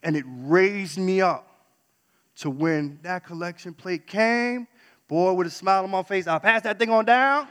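A man sharing a personal faith testimony in an earnest storytelling way, dropping to a hush and then rising to loud excitement. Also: high voice, slow, pauses often, clean tone, in a large hall. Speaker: church member sharing his testimony.

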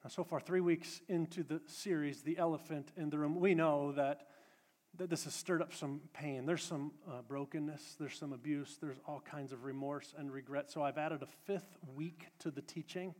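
A pastor delivering a sermon in a church sanctuary, building emphatic repeated phrases and then shifting to casual announcements. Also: male voice, fairly high pitch, steady tone, normal speed, a little mellow, in a large hall.

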